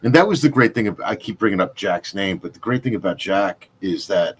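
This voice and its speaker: A man hosting a casual chat, telling a gig story in an animated way. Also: deep voice, brisk, a little hiss or hum. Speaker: podcast host.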